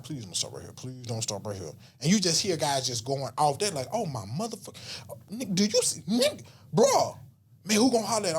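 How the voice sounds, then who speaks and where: A man's voice: on the high side, husky. A man, telling a story in casual, slangy talk and acting out voices and whispers. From Southern US. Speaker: podcast guest.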